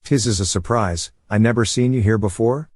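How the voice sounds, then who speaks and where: A man's voice: fairly low pitch, normal speed, a little mellow, dry recording, studio quality, lightly acted. A man voicing a boorish, drunken ninja father who slurs and lisps his words. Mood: drunken leering. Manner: slurred lisping speech.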